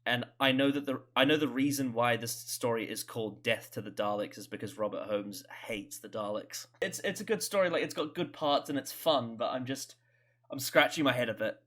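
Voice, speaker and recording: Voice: mid-range voice, a little fast, fairly bright tone. A host giving casual, rambling reaction commentary, stammering and laughing often between thoughts. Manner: swears casually.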